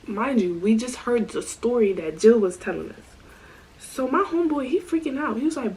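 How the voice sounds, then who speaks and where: A woman telling a storytime vlog in a casual, animated way, full of slang and asides. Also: fairly high pitch, normal speed, slight background noise, poor audio. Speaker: storytime vlogger.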